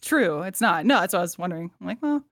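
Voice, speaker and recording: A woman's voice: fairly low pitch, expressive, quick pace, no room sound, studio quality. A woman co-hosting a podcast, joking and asking the others questions. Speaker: podcast co-host. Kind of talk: casual chat.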